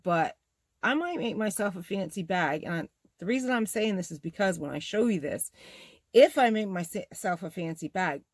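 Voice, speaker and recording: A woman's voice: lowish voice, no room sound. A middle-aged woman hosting a bag-making vlog, chatting in a rambling, gushing, exclamatory way as she shows off her materials. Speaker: bag-making channel host. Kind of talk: casual show-and-tell vlog.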